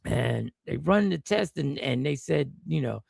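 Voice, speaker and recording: A man's voice: mid-range voice, animated, a little slow, gravelly, darkish tone, breathy edge, dry recording, studio quality. A man, a stand-up comedian, telling a personal story to viewers in a loose, rambling way with slang and restarts. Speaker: stand-up comedian and stream host.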